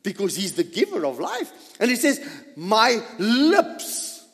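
A male pastor preaching a sermon in a church, animated and exhorting his congregation. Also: high-pitched, fairly quick, vocal fry, long reverb tail. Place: church sanctuary.

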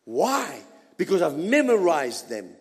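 A man's voice: on the high side, huge pitch swings, slow pace, slightly rough, long reverb tail. A man preaching a sermon as pastor, emphatic and dramatic, dropping suddenly to near whispers.

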